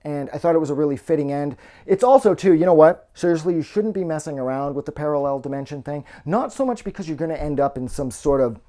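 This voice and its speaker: Dude rambling thru a movie review, swears a ton, kinda mellow dark voice. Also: male voice, medium pitch. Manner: rambling and heavily profane; loose, with many fillers and trailing restarts. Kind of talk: casual spoken movie review.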